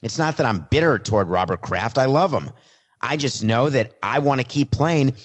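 Using his own ordinary voice and making no effort at an impression, a man plays a blunt star quarterback in his forties who says exactly what he feels at a mock press conference. His middle-pitched delivery is conversational and animated, at a normal speed and natural-sounding.

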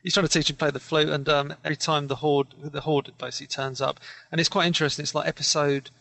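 A man's voice: on the high side, flat delivery, quick pace, gravelly, a bit bright, no room sound. A man co-hosting a podcast, chatting casually as a keen fan with a rambling, laughing manner. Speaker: podcast co-host.

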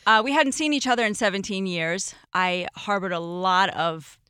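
A woman's voice: medium pitch, normal speed, smooth, no echo, clean studio sound. A woman in her forties, a podcast guest, telling emotional stories in casual chat. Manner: emotional, expressive storyteller. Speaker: guest, former roommate.

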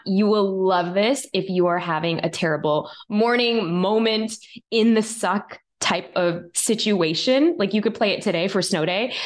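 A woman in her thirties, a guest author telling a story in a podcast interview, acting out the lines she quotes. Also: medium pitch. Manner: animated, acts out her own quoted lines.

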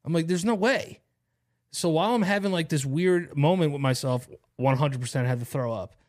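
A man's voice: a little high, fairly even intonation, a little fast, a little mellow. A young man hosting a podcast, telling a long story in casual chat, rambling and profane with lots of slang. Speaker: podcast host.

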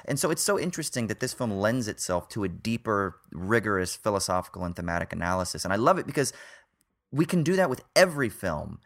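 Brief: low-voiced man, eager film nerd riffing on themes. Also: sing-song, fast talker, fairly bright tone. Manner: enthusiastic, analytical, filler-heavy. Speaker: podcast co-host. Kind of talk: casual film discussion.

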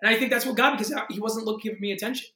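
A man in his thirties, an actor, telling a story in a casual interview with excited energy, acting out quotes and swearing freely. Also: sits high, rapid-fire, echoey room. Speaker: actor guest.

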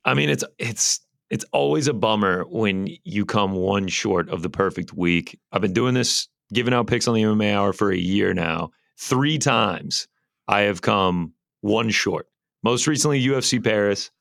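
A deep-voiced man with a gravelly edge co-hosts a betting podcast. He sounds close and dry, and he talks wryly, echoing phrases back as he chats. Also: a bit bright. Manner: wry, repetitive, quick to agree. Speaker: podcast co-host. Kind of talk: casual betting chat.

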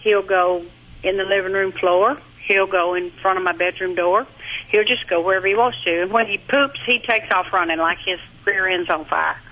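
A woman's voice: mid-range voice, fairly even intonation, moderate pace, husky. A woman calling in to a radio show, chatty and amused as she describes her cat. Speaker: caller. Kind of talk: phone-in call. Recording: dull phone-line sound.

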